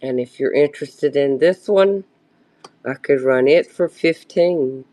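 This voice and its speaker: A woman selling vintage brooches on a live stream in a casual, halting pitch, often pausing to search for words. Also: dark tone.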